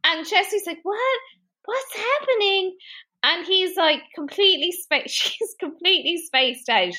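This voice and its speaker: A woman co-hosting a casual chat, retelling a TV scene and acting out the characters' lines. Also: moderate pace. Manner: animated storyteller, acting out scenes in high squealing voices. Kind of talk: casual chat, recapping a TV episode.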